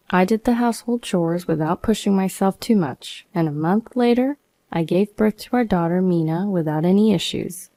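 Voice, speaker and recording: A woman's voice: on the low side, warm tone, no echo. A young woman narrating her own story in the first person, with an aggrieved, indignant tone.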